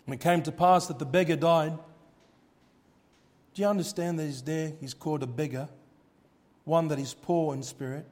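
A man with a notably high voice delivers a fervent sermon. He drops to near-hushed tones and then swells to loud cries. He reads scripture in old-fashioned wording. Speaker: preacher.

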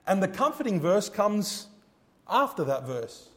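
High-voiced man preaching fervently. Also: expressive, normal speed. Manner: fervent, swings between hushed and loud; reads scripture in old-fashioned wording. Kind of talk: sermon.

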